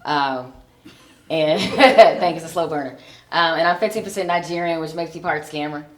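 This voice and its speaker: A woman's voice: sits low, moderate pace. A woman in her forties from Chicago doing stand-up, chatty and self-mocking with many ums. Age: 40s. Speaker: stand-up comedian. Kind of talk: stand-up comedy. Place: comedy club on stage. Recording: echoey club room.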